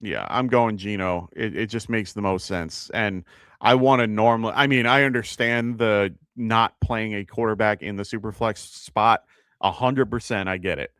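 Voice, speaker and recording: A man's voice: fairly low pitch, steady tone, moderate pace, a bit bright, clear, resonant tone, no echo, clean studio sound. A man with a New York accent hosting a live fantasy football advice show, chatty and full of fillers and restarts.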